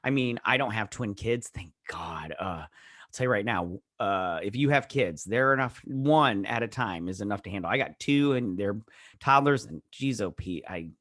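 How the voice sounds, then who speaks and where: A man's voice: fairly low pitch, expressive, normal speed, a bit bright, no room sound. Chatty male show recapper, dry sound. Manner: chatty retelling with many fillers; opinionated asides. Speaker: show host and TV reviewer. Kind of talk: casual episode recap.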